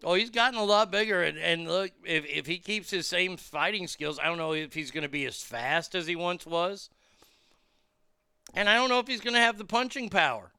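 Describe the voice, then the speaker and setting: A man with a high, bright voice delivers rowdy, swear-heavy commentary and blurts out loud, excited reactions as he watches clips. His voice is smooth and resonant. It is recorded dry, with no room sound. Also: moderate pace, no room sound. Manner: profane, blunt and rowdy. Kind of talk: unscripted commentary.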